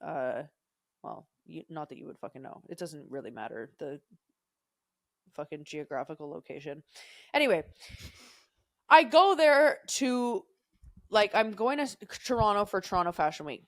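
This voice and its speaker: A woman's voice: fairly low pitch, lively intonation, moderate pace, pauses often, no room sound, studio quality. A young woman co-hosting a podcast, chatting casually and telling a rambling, profane story full of digressions. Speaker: podcast co-host. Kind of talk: casual chat.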